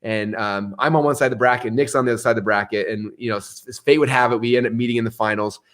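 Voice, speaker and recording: A middle-aged man telling stories in an interview, energetic and animated, acting out the voices he quotes. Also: mid-range voice, fast talker. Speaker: guest. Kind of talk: storytelling interview answer.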